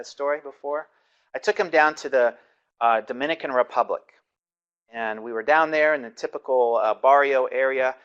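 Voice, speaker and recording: A man's voice: medium pitch, a bit bright, dull audio. A man teaching a class in a conversational way, often restarting sentences and chuckling as he tells a story from his past. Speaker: instructor. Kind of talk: classroom lecture with personal storytelling.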